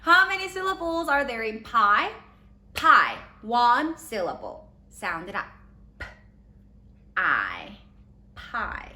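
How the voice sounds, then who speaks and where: A woman teaching a third-grade spelling lesson, slowly sounding out letters and giving encouraging praise. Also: a little high, big pitch swings, sharp tone. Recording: echoey room with faint ambience.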